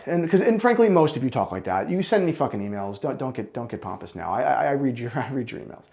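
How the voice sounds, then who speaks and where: Animated gravelly-voiced man reviewing watches. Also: medium pitch, fast. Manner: animated, blunt and enthusiastic. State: out of breath. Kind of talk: opinionated collection review.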